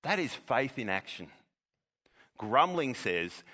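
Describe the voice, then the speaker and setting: Male pastor, earnest sermon delivery, bright forceful voice, long hall reverb. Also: medium pitch, expressive. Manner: earnest, measured preaching with repeated words.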